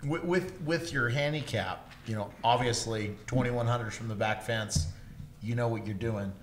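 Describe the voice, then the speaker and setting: A man's voice: medium pitch, normal speed, slight background noise. A man co-hosting a podcast, asking the guest detailed technical questions in a casual chat. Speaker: podcast co-host. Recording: echoey room.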